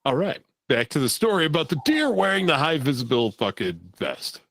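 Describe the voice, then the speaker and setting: A man's voice: on the high side, very animated, brisk, fairly bright tone, dry recording. A man hosting a casual talk show, reading odd news stories aloud, loose and profane and laughing at the material. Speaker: podcast host.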